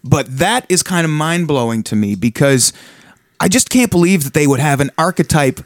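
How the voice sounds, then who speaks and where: A man's voice: on the high side, animated, normal speed, dry recording. Dry-sounding man, emphatic podcast host. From Canada. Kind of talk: casual chat.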